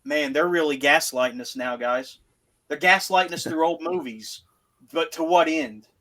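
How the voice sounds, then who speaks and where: Podcast co-host, male, fairly high voice, rambling and wry, trips over his words. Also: moderate pace, a bit bright. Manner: rambling, stumbles and restarts, wry. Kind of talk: casual chat.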